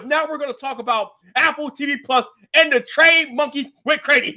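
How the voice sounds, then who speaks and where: A young man hosts a ranting tech show, his voice very high and cutting. He talks loud and exasperated, often breaking into shouts and swearing. Every complaint comes out sharp and bright. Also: moderate pace, hardly any pauses. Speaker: show host.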